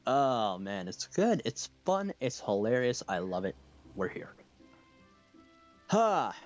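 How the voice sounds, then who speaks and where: A man's voice: mid-range voice, big pitch swings, slow pace, dull audio, faint music behind. A man hosting a podcast in casual chat, with a slight lisp, laughing often and restarting his sentences. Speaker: podcast host.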